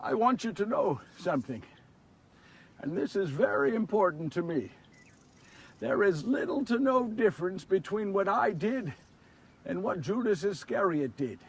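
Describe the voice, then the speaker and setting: A man playing anguished apostle Peter, high and husky. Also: recorded from a distance, full character voice. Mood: quiet, confessional. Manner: confessional, swinging from hushed to impassioned. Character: Simon Peter, remorseful grown man apostle. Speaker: actor in a one-man biblical portrayal. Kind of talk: dramatic first-person monologue.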